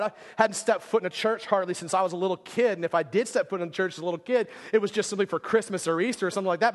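A man preaching a sermon in a casual storytelling way, full of fillers and "right?" asides. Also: sits high. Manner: conversational, filler-heavy, keeps asking "right?". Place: church hall. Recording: long hall reverb.

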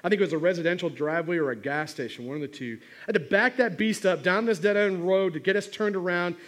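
High-voiced pastor telling a funny story. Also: male voice, quick pace, fairly bright tone. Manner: humorous storytelling with many restarts. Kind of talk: sermon with a personal story.

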